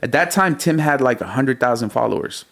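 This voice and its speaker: A man in his thirties, a music producer and podcast guest, telling his story in a lively, slangy way and calling the host bro. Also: medium pitch, brisk, gravelly. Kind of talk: casual storytelling interview.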